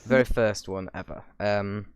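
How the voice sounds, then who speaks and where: Rambling young man, smooth low voice. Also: steady tone, unhurried. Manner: rambling, sarcastic asides. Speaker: YouTuber host. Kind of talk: casual reaction commentary.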